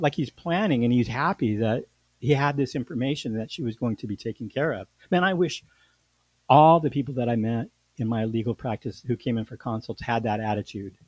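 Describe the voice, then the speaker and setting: A man hosts a podcast and tells a story in a loose, animated monologue, stopping and restarting often. His voice is a bit husky and sits in a middle pitch. The sound is dry and close. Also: normal speed, dry recording, low-quality recording. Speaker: podcast host and lawyer.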